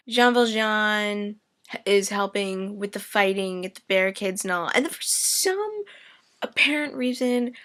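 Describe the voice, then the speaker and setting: A woman's voice: mid-range voice, expressive, a little slow, fairly bright tone. A young woman casually retelling a story as a comic summary, full of sarcastic, rambling asides.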